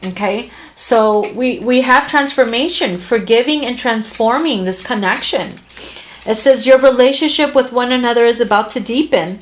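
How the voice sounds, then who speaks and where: A woman reads tarot in a heartfelt, earnest way, her voice sitting a little high. She talks casually, with fillers and restarts, as if addressing a couple directly. There is a faint hiss of noise behind her. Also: moderate pace. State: emotional, near tears at times. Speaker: tarot reader. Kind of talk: casual tarot reading to camera.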